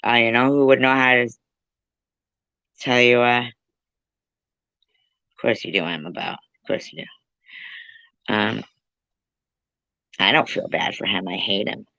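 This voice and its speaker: A woman's voice: a bass voice, steady tone, a little slow, creaky, pauses often, a bit bright, dry recording. A woman hosting a casual livestream, teasing and joking with her viewers. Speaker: livestream host. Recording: dull lo-fi sound.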